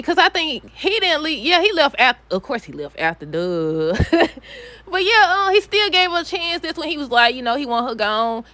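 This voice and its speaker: A woman giving a casual, animated recap of a soap opera, talking back to the characters with exasperated asides. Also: sits high, no room sound.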